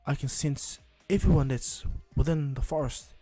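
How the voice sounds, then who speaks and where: A confident young ninja, voiced by a man in a homemade fan story. He talks loud and earnest, explaining plans in a plain everyday voice. Faint music plays underneath. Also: a little high, moderate pace, breathy edge. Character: confident young male ninja, eager and bold.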